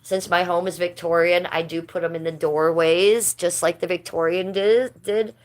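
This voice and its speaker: A woman's voice: fairly low pitch, steady tone, moderate pace. A middle-aged woman hosting a casual livestream, chatting and gossiping with her viewers and laughing often. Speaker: livestream host.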